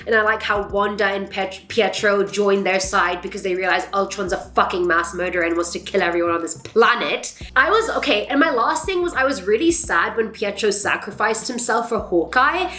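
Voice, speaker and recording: A young adult woman vlogger chatting casually about films, animated and swearing freely. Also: medium pitch. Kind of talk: casual reaction chat. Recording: echoey room.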